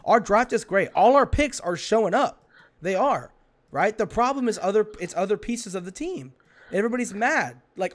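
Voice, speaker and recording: A man's voice: high-pitched, sing-song, moderate pace. A man hosting a sports podcast, ranting in a fired-up way, swearing and firing off rhetorical questions. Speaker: podcast host. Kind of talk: heated sports podcast talk.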